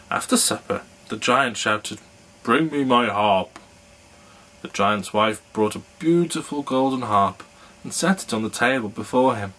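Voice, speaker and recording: A man reading a fairy tale aloud as a storyteller, in an unhurried read-aloud manner. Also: on the low side, fairly bright tone, breathy edge, rough recording.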